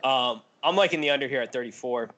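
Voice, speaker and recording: A man's voice: mid-range voice, quick pace, bright, forceful tone. Joking man hosting a casual sports podcast. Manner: blunt and joking, mild cursing. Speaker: podcast host. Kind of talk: casual chat.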